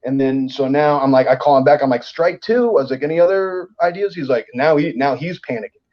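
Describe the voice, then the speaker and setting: A man's voice: mid-range voice, quick pace. Comedian guy spinning a wild story, swears a lot, does all the voices, kinda muffled lo-fi sound. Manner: profane, animated, acts out voices in his stories. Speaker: comedian guest. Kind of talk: casual storytelling.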